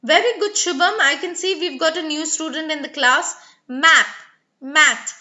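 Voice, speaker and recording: A woman's voice: high-pitched, brisk, sharp tone, lo-fi sound. A woman teaching English pronunciation in a live online class, carefully enunciating sample words and coaxing students by name. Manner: clearly enunciating model words.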